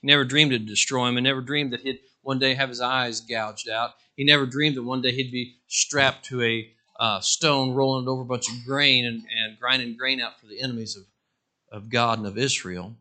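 A male pastor preaching a sermon, swinging from loud declarations to hushed asides and acting out quotes. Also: medium pitch, steady tone, fairly quick.

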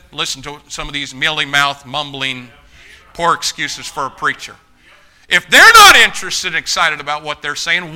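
Fiery Baptist-style pastor, man, 50s, high and sharp-toned, preaching to a congregation. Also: low-quality recording. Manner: fiery, repetitive emphatic preaching with rising shouts. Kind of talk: sermon. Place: church sanctuary.

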